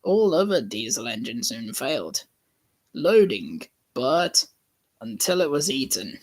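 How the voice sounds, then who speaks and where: A man reading a garbled storybook aloud for laughs, chuckling at the odd wording. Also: medium pitch. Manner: slow, lively reading with bursts of laughter. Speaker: YouTuber reading a comic mistranslation. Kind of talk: comedic storybook narration.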